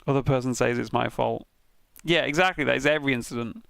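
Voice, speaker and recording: A man's voice: medium pitch, fast, creaky, fairly bright tone, no echo, studio quality. A British man streaming, giving casual, sweary commentary with frequent laughs as he reviews racing crash clips. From Britain.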